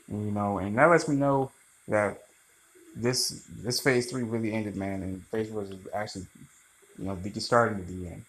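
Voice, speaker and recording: A man rambling through a casual, animated movie review, swearing freely. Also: fairly low pitch, normal speed, poor audio.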